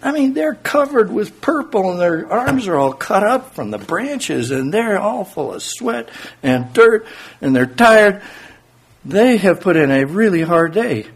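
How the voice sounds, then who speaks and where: A man putting on a worn-out field worker, sore and indignant over unfair pay. The husky voice climbs high and loud as he complains, swinging through a wide range. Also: big pitch swings, a little slow, heavily acted. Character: resentful male laborer who worked all day.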